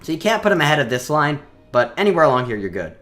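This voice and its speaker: A man's voice: on the high side, very animated, fast talker, a bit bright. A man giving enthusiastic, rambling let's play commentary, with lots of fillers as he plays a video game. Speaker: gaming video host.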